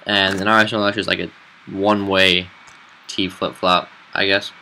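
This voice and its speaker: Low, flat-voiced man explaining a game build. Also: slight background noise, rough recording. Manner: relaxed, halting explanation with fillers. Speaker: game server admin. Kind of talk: casual game tutorial narration.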